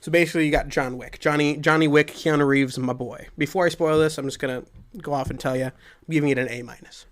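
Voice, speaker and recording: A young man with a fairly high voice and quick pace co-hosts a podcast, reviewing a movie in casual, profane chat. Excitable, he acts out the scenes with energy.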